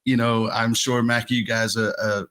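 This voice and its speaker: A man hosting a live fan show, relaxed and steering the conversation. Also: mid-range voice, normal speed. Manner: relaxed, steering the talk, short agreements. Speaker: show host. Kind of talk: casual podcast hosting.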